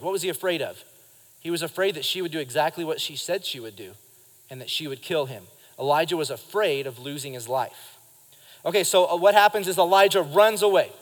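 A male pastor preaching to his congregation with a slightly high voice. He talks in a lively way and works the room. Long reverb from the church trails his words. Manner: lively preaching, acts out quotes and addresses the congregation. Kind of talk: sermon. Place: church sanctuary during a live service.

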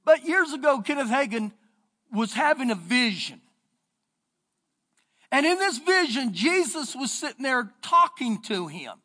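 A man with a Texan accent preaching a sermon as pastor, his voice rising and falling in pitch and loudness. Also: big pitch swings, a little slow, long pauses. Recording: church sermon with long reverb.

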